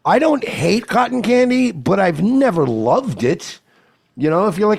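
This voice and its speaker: A man with a gravelly, creaky voice jokes his way through a podcast chat. His pitch swings up and down as he mocks people and acts out exaggerated quotes. His tone stays crude and loose. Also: sing-song, normal speed, darkish tone, no room sound. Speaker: podcast co-host. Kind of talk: casual comedic commentary.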